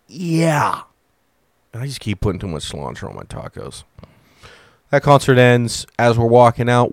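This gravelly, fairly low male voice belongs to a stand-up comedian in his thirties hosting his own podcast from home. He tells casual comedic stories in a loose, rambling way, sprinkling in self-deprecating jokes. The recording is dry and close, without room echo.

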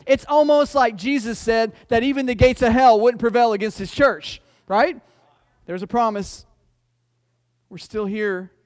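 High-voiced folksy pastor preaching. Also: male voice, steady tone, measured pace, dry recording, studio quality. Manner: folksy and joking, restarts and repeats words, rising to emphatic points. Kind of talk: conversational sermon with storytelling. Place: church sanctuary.

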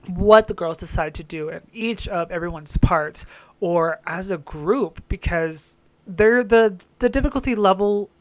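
A woman's voice: on the low side, dry recording. A young woman chatting casually as she reacts to a TV show, often swearing and laughing as she goes. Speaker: reaction vlogger.

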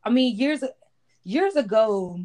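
A woman's voice: on the high side, animated, takes it slowly, mellow, a little hiss or hum. A woman in a casual podcast chat, frank and emphatic, speaking in loose slang. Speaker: podcast co-host.

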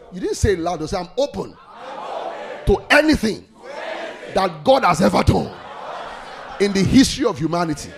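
A man's voice: on the high side, a little mellow. A man preaching a sermon, leading call-and-response and laughing often.

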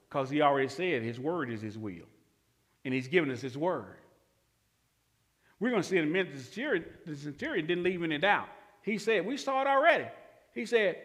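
A male pastor delivers a sermon in a high, bright voice that leaps up and down. He asks questions and answers them himself, dropping to near-murmurs before rising to shouts. The sound carries the long reverb of a church hall. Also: big pitch swings, brisk. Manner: preaching with call-and-response questions, swinging from low murmurs to shouts.

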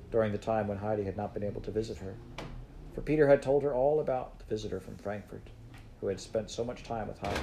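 Guy reading a kids story, even and measured, mellow dark tone. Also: fairly low pitch, gravelly, a little hiss or hum. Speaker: narrator. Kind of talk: audiobook narration.

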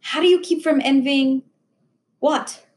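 Brief: woman doing a curious man in his thirties, hesitant questioner, fairly high voice, echoey room. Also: steady tone, measured pace, darkish tone. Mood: questioning. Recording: roomy echo.

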